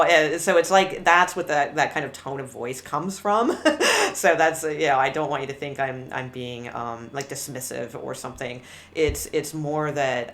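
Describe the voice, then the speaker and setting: Low-voiced woman reading tarot, blunt. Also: moderate pace, slight background noise. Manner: candid, blunt, rambling with many restarts. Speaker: tarot reader.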